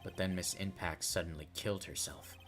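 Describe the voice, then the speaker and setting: A man voicing a calm female lawyer mentor, reading game dialogue in a measured, explaining way. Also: deep voice, soft background music. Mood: reasoning.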